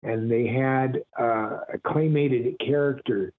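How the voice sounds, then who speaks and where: Speaking slowly in a mid-range voice, a middle-aged man from Ohio, a voice actor, is a guest telling casual interview stories. The audio is tinny, like a phone line, and he's animated, chuckling frequently and breaking into impressions.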